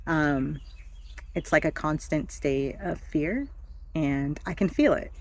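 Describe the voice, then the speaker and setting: A woman in her thirties telling a personal story in a candid, chatty way, with frequent fillers and soft laughs. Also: low-pitched, lively intonation, takes it slowly. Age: 30s. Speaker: vlogger. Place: backyard with chickens.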